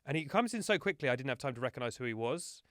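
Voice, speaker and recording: A man chatting as a podcast guest and spinning self-deprecating anecdotes. His voice sits at an ordinary pitch, and the recording is close and dry, with no room sound. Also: big pitch swings, racing, a bit bright, no echo. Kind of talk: casual chat.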